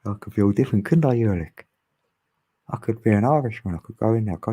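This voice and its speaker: A man's voice: on the low side, animated, quick pace, mellow, breathy edge, dull audio. A man hosting an online group chat, rambling casually and laughing often.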